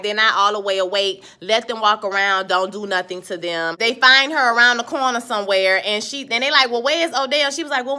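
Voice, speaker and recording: A woman, giving a casual, animated recap of a TV episode with playful asides. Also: on the high side. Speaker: TV episode reviewer.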